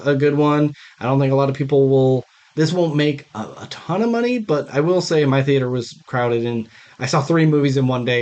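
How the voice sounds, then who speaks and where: A young man co-hosting a relaxed podcast, blunt and wry as he sums up films. His voice sits at an average pitch for a man. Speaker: podcast co-host. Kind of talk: casual movie chat.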